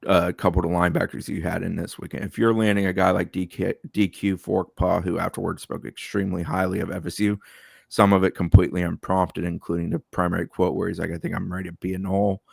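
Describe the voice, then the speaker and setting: A man on a sports podcast panel, talking casually and explaining his points in a measured, detailed way. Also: low-pitched, flat delivery, gravelly, husky, no echo, studio quality.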